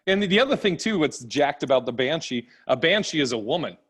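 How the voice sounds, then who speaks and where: A man's voice: a little high, very animated, a little fast, fairly bright tone, slightly rough. A man, a stand-up comedian guest, telling childhood stories in casual chat over a video call, laughing often and acting out voices.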